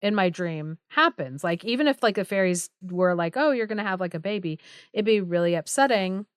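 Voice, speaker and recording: A woman's voice: mid-range voice, expressive, fairly quick, smooth, no room sound, clean studio sound, close to an everyday voice. A woman voicing a worried aging queen in a casual, offhand paraphrase during a storytelling podcast. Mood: anxious. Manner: casual, valley-girl paraphrase.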